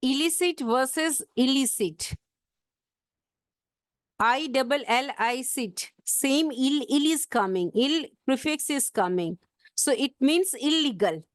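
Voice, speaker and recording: A woman teaches an exam-prep English vocabulary lesson, spelling words letter by letter and slowing down to show where the stress falls. Her voice sits high with lively intonation, and there's no room sound.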